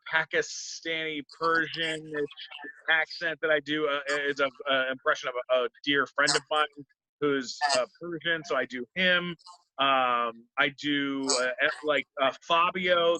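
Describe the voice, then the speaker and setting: Bright-voiced man, comedian chatting. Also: fairly high pitch, dry recording, poor audio. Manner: rambling, many fillers and restarts. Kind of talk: casual interview chat.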